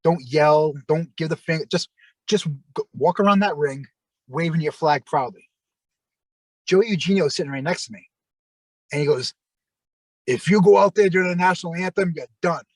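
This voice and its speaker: A man's voice: a little high, normal speed, pauses often, no echo, low-quality recording. A middle-aged man, a former pro wrestler, telling rambling stories on a video call and acting out the voices of the people he quotes. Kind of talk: casual anecdotal storytelling.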